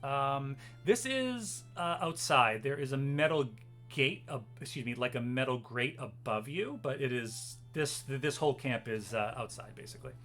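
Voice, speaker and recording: A man's voice: medium pitch, expressive, normal speed, a bit bright, faint music behind. A man narrating as game master of a tabletop game, hesitant and full of fillers. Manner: hesitant, full of ums and uhs.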